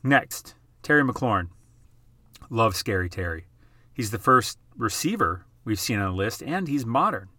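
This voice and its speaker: A man hosting his own channel, chatting casually over price charts in an excitable, emphatic way, repeating phrases for effect. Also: lowish voice, unhurried, dry recording. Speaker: YouTube host.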